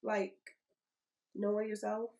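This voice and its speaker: A middle-aged woman co-hosting a casual podcast chat, animated and repeating phrases for emphasis. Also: medium pitch, slow, gravelly, poor audio. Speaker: podcast co-host.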